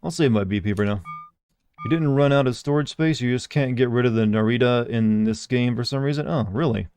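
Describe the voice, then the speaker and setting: A young man chats his way through a game on a live stream, rambling and answering chat messages as they come in. His voice sits in a mellow, relaxed register. A faint hiss of noise runs under the recording. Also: mid-range voice, brisk. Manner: chatty, rambling, reads chat aloud. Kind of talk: casual live-stream commentary.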